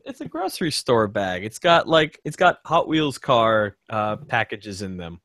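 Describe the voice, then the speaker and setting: Animated, sweary male podcast host. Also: on the low side, a little slow. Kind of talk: casual chat.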